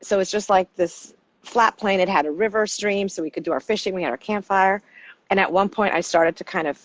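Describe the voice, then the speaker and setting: Lively storytelling woman in her fifties. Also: medium pitch, brisk, low-quality recording. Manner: lively storyteller who acts out quoted dialogue. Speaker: podcast guest, coach. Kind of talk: conversational interview storytelling.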